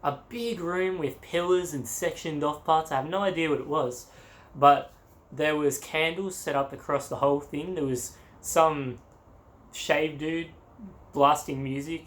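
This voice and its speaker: A man's voice: a little high, fairly even intonation, normal speed, a bit bright. A young Australian man, a travel vlogger, telling a story casually and animatedly, laughing and acting out quotes.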